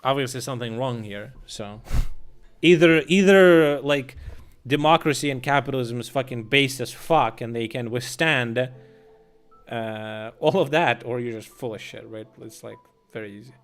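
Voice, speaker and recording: A man's voice: mid-range voice, unhurried, clean tone. A young man ranting sarcastically and with lots of swearing while commenting on a live stream.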